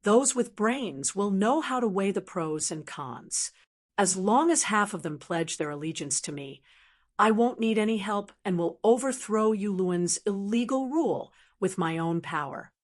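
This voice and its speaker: A woman's voice: mid-range voice, expressive, a little slow. Woman reading as a shrewd young island heiress. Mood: confident. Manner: confident, persuasive. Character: shrewd, confident young female sea lord's heir. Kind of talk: audiobook narration.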